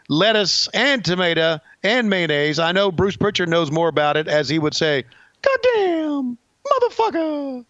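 A man's voice: sits high, fairly bright tone, no echo, voice pushed up. A man putting on the voice of a brash, vulgar middle-aged wrestling manager who rambles and boasts, on a dull lo-fi recording. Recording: dull lo-fi sound.

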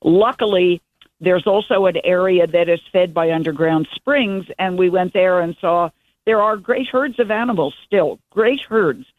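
A woman's voice: on the low side, a little slow, no room sound. An older woman, a guest journalist, telling stories enthusiastically in a casual interview over the phone. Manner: enthusiastic, meandering storytelling. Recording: dry tinny phone line.

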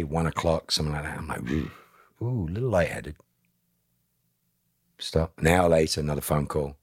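A man, a podcast guest, telling a personal story in an animated way and acting out other people's lines. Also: a bass voice, husky, no room sound, studio quality. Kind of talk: emotional storytelling.

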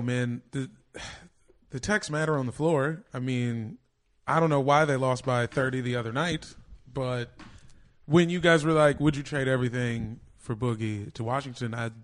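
A man co-hosting a podcast in casual sports chat, blunt, profane and joking. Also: mid-range voice. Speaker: podcast co-host.

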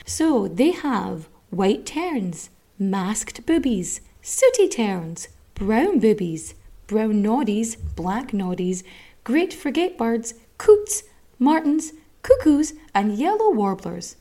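Woman, podcast host, casual swearing, sarcastic, lively storytelling, slightly high voice. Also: takes it slowly.

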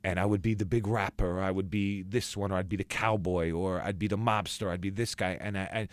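A young man, a guest actor, telling stories in a casual podcast chat, acting out quotes with big jumps in pitch. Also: brisk, no echo. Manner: animated storyteller who acts out quotes with big pitch jumps.

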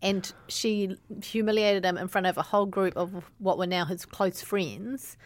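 A woman with a New Zealand accent co-hosting a podcast in casual, animated chat, often trailing off and restarting. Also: mid-range voice, moderate pace. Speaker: podcast co-host.

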